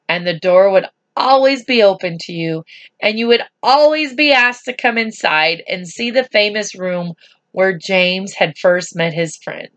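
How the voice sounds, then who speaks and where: A woman reading a storybook aloud to children, speaking slowly and gently and adding chatty asides to them. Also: mid-range voice, dull audio.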